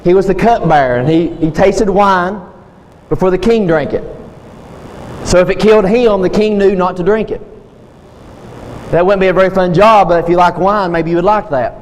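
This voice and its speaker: High-voiced pastor in a reverberant church. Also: male voice, moderate pace, long pauses. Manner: passionate storytelling, repeats key phrases. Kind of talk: sermon. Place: church sanctuary. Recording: long reverb in a church hall, faint noise.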